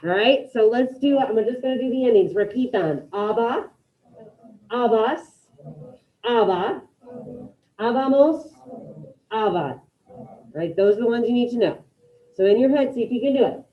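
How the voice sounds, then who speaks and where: A woman teaches a Spanish lesson to a mixed room and online class, her voice sitting a little high. She gives brisk, directive instructions and repeats them. The audio is dull and lo-fi, like a classroom capture. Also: animated.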